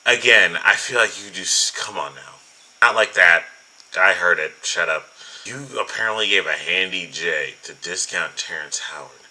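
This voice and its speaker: A man's voice: deep voice, normal speed, pushed and bright, low-quality recording. A man hosting reaction commentary, incredulous, emphatic and full of swearing. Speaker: commentary host.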